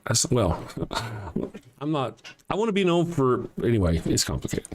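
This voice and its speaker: A man's voice: medium pitch, sing-song, moderate pace, a little hiss or hum. An older man with a Southern US accent hosting a casual livestream, reading viewer comments aloud in a blunt, profane way and chuckling often. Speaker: livestream host.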